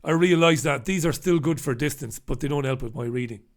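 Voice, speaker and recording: A man's voice: medium pitch, brisk. Wry, cursing male newspaper reviewer. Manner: wry, casual, swears freely. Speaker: host. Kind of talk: humorous newspaper review on a live stream.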